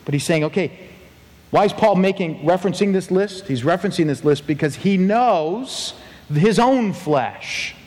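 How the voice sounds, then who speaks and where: A man preaching a sermon as pastor, animated and acting out quoted voices with big pitch swings. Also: normal speed, in a large hall.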